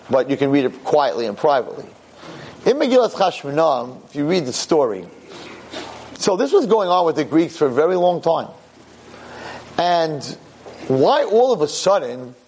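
A man giving a Torah lecture as a rabbi, impassioned, dropping low and grave then rising into sharp outbursts. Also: slight background noise.

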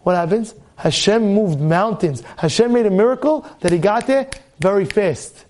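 A man, a rabbi, delivering an impassioned sermon, repeating phrases and breaking into shouted exhortations. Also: high voice, sing-song, normal speed, hardly any pauses.

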